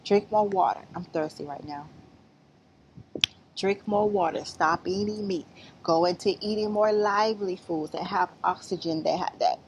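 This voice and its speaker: A woman's voice: fairly low pitch, normal speed, slight background noise, low-quality recording. A woman giving blunt, rambling spiritual advice in a casual vlog, outdoors among trees. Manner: rambling, blunt and profane, lively. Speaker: spiritual vlogger.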